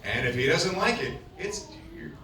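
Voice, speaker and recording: A man's voice: sits high, moderate pace. Man telling a story on a panel. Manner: animated storytelling with many restarts. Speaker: panel guest. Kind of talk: casual panel talk. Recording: echoey, distant mic with room noise.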